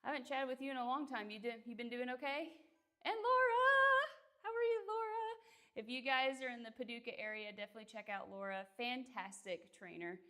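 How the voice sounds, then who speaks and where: A woman's voice: on the high side, quick pace, few pauses, bright, forceful tone. A young woman streaming her workout, out of breath, chatting casually and greeting viewers by name between exercises. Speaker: fitness streamer.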